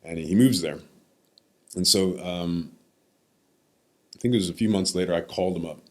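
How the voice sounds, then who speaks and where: A man's voice: deep voice, normal speed. A man in his thirties, a podcast guest, telling a personal story in a reflective way and sometimes acting out what others said. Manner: reflective, acts out the voices of others.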